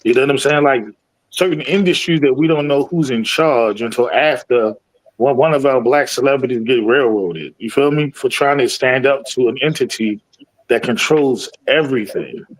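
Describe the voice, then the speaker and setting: A man's voice: mid-range voice, normal speed, rough recording. A man on a casual podcast, talking in a laid-back way with lots of slang and check-ins with the listener. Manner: laid-back slang, often asks "you feel me". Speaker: podcast co-host. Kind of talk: casual chat.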